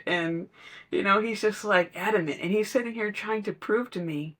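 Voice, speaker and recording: A podcast speaker at an ordinary, middle pitch, talking through spiritual ideas in a casual way. The delivery is conversational and drifts into storytelling, with laughs now and then. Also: normal speed, sharp tone.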